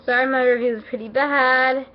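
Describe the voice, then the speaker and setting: Talking a little fast in a high voice, a woman gushes through an anime episode review in a casual, rambling way, emotional and excitable and full of fillers and false starts. Being unwell leaves her voice off form, and it's captured on a dull lo-fi home recording.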